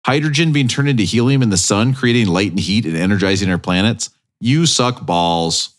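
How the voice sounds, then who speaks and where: A man hosting a music podcast, bantering and cracking deadpan jokes. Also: lowish voice, fast. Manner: playful, jokey, deadpan punchlines. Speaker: podcast host.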